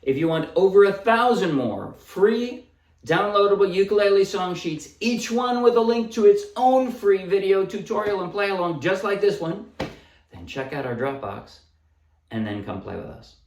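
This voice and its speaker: A man's voice: high voice, normal speed. A man casually teaching a ukulele song, explaining chords and strums and singing short bits as he plays. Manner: relaxed, explains while playing, sings short snippets. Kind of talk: casual music tutorial. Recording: roomy echo, voice a bit far from mic, loud ukulele. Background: ukulele playing.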